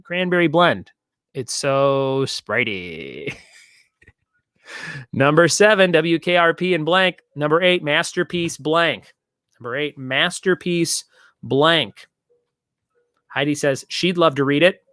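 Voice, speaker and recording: A man's voice: on the high side, a bit bright, dry recording, clean studio sound. A young man hosting a casual live-stream trivia show, joking and rambling as he reads out viewer comments.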